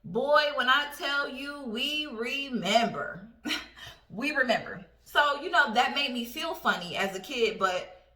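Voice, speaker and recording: A woman in her twenties telling a personal story in a casual vlog, animated and profane. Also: high voice, measured pace. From Indiana. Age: 20s. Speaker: storytime vlogger. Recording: roomy echo.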